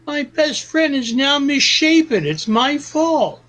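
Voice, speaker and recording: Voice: sits high, very animated, slow, a bit bright, voice pushed up, full character voice. An improviser voicing an anxious, apologetic twelve-year-old boy who keeps fretting.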